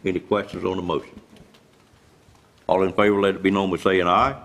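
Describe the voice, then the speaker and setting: A man chairing a county meeting, brisk, procedural and courteous. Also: deep voice, flat delivery, gravelly, fairly bright tone, rough recording.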